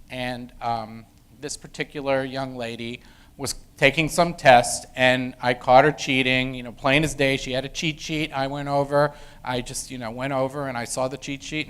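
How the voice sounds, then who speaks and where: In a university lecture room, a middle-aged education professor with a smooth, medium-pitched voice recalls a story from his teaching days. His casual lecture style is full of fillers and restarts.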